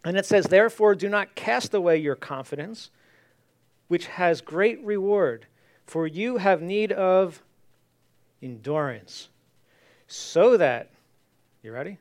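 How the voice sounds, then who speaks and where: A man's voice: sits high, slow, pauses often. A man preaching a sermon, reading scripture aloud and repeating key lines earnestly. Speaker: pastor.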